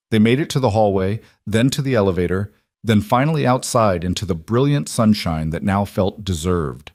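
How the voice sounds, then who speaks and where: Male narrator, lowish dry voice, steady scripted storytelling. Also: moderate pace, no room sound.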